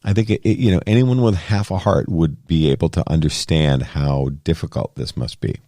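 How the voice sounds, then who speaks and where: Very deep-voiced earnest middle-aged man. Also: lively intonation, moderate pace, mellow, dry recording, studio quality. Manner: earnest, rambling, with frequent restarts. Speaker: podcast co-host. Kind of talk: casual conversation.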